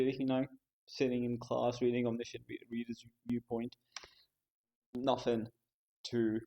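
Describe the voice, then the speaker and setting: A young man streaming live, chatting casually in a rambling, halting way, often restarting sentences. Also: medium pitch, a little mellow, lo-fi sound. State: overheated.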